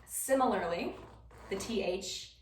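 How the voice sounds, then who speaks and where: A woman's voice: medium pitch, takes it slowly, slight background noise. A young woman with a Wisconsin accent giving a casual class presentation, chatty and informal with frequent ums. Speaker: student presenter. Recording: roomy classroom from far off.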